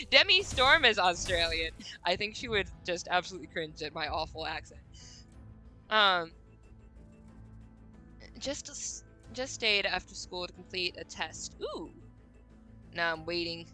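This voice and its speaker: A woman's voice: on the low side, big pitch swings, unhurried, pauses often, sharp tone, soft background music. A woman game streamer chatting casually and bubbly with her viewers, often breaking into giggles.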